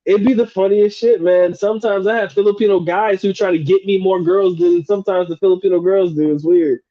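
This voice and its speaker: A man's voice: high voice, fairly even intonation, a little fast, no echo, lo-fi sound. A man hosting a live Q&A stream, reading out chat questions in a casual, joking, slangy way with frequent laughs. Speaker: livestream host answering chat questions.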